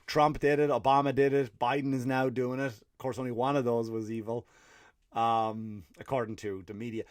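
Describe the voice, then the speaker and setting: A man's voice: mid-range voice, dry recording. An Irish man hosting a comedy podcast, delivering a rambling, sardonic, profane monologue into a close mic.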